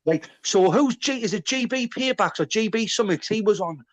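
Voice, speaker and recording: A man's voice: high voice, expressive, normal speed, no room sound. A man from northeast England hosting a casual livestream chat from his kitchen, sweary and rambling with many restarts.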